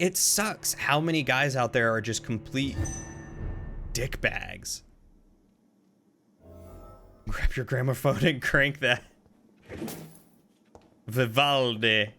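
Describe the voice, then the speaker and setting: Young male streamer, mid-pitched voice, loose banter with chat, faint music under him. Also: bright, forceful tone. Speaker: game streamer. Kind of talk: casual live-stream chat.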